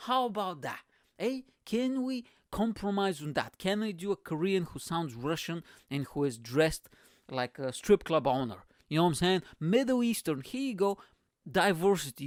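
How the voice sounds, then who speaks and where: A man's voice: high-pitched, big pitch swings, normal speed, no echo, clean studio sound. A man from Eastern Europe hosting a comedic podcast monologue, talking in a brash, profane way and calling listeners bro. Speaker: podcast host.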